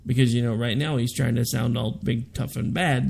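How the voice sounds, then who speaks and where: A man's voice: mid-range voice, steady tone, moderate pace, creaky, a little mellow, a little hiss or hum. A man hosting a political talk radio show, delivering a sarcastic, ranting monologue.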